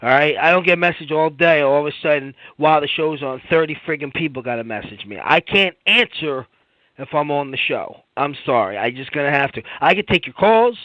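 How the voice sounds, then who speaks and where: A man's voice: a little high, brisk, dry recording, lo-fi sound. A man hosting a casual wrestling call-in radio show, rambling and opinionated with frequent restarts.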